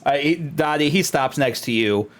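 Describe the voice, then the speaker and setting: A man's voice: fairly high pitch, lively intonation, moderate pace. A man running a tabletop game as game master, narrating casually with frequent hesitations.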